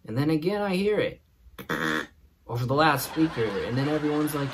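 A man's voice: mid-range voice, lively intonation, brisk, slight background noise. A man hosting a show, telling a comic story and laughing through it. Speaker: host. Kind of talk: comedic storytelling.

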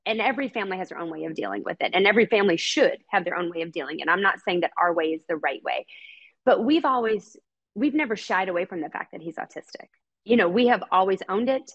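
Husky middle-aged woman, heartfelt and chatty. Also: fairly low pitch, expressive, fast talker, fairly bright tone, dull audio. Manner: heartfelt and chatty, laughs often, acts out quoted people. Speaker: guest, mother of an autistic son. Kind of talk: candid podcast conversation.

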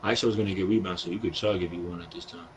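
A man's voice: deep voice, fairly even intonation, rapid-fire, slight background noise, poor audio. A young man with a New York accent, live-streaming a basketball video game, talking in brash, profane trash talk with an aggressive edge. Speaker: gaming streamer.

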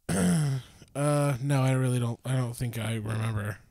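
A man co-hosting a podcast in casual chat, laid-back and low-key. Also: takes it slowly, vocal fry, mellow, no room sound, studio quality. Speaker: podcast co-host.

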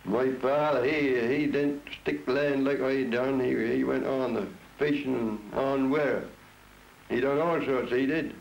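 A man's voice: mid-range voice, steady tone, measured pace, gravelly. A man in his seventies with a Norfolk accent, reminiscing bluntly in an interview at his home and often repeating himself. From Norfolk, England. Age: 70s. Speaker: interviewee, traditional folk singer. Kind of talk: plain reminiscing in conversation. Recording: dull lo-fi 1962 home tape with hiss.

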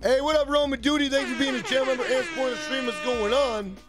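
A man's voice: extremely high pitch, fairly even intonation, fast talker, fairly bright tone, soft background music. A man live-streaming a game, chatting casually and profanely while reading viewers' messages aloud. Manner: rambling, profane, jokey, reads chat aloud. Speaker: gaming streamer.

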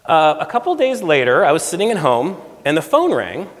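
A man in his forties from the United States gives a storytelling talk in a lecture room, with the sound ringing out in a long hall reverb. His voice sits a little high for a man. He acts out quoted lines with lively energy. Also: a little fast. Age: 40s. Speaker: guest speaker.

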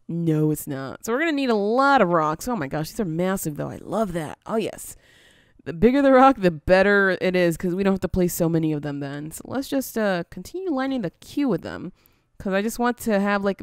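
In studio quality with no room sound, a woman with a mid-range voice casually comments while playing a building game for her gaming video. She thinks aloud and laughs lightly often, and she comes from the US near the Canadian border.

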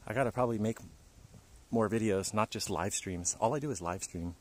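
Chatty low-voiced man streaming outdoors. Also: brisk, darkish tone. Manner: chatty, jokey, talks to viewers. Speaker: livestreamer. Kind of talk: casual livestream chat. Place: outdoors in a park forest.

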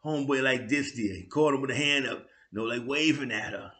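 A man with a New York accent hosting his own vlog, telling a street story in slang with sound effects and loud bursts. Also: medium pitch, brisk, roomy sound. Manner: animated street slang with frequent "you know what I'm saying". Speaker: vlog host. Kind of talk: casual storytelling monologue.

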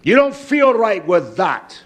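A man preaching a fiery sermon, swinging from loud shouting to hushed near-whispers. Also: high-pitched, big pitch swings, slow pace, slightly rough.

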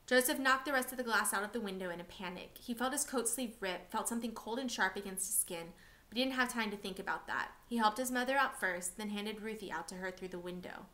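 Bright-voiced woman reading a novel. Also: mid-range voice, fast talker. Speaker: reader of a novel for a class. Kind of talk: novel read aloud.

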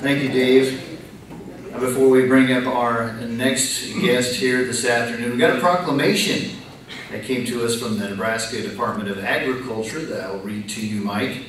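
A man's voice: mid-range voice, steady tone, normal speed, a bit bright, slight background noise. A man emceeing a retirement reception and reading out a formal proclamation. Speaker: master of ceremonies. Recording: echoey room from far off.

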